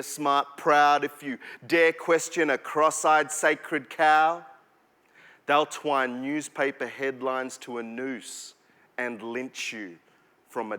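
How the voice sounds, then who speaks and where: A young Australian man performing spoken-word poetry on stage, with a rhythmic, punchy delivery that swings between sudden drops and loud bursts. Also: medium pitch, smooth. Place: performance hall. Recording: long hall reverb.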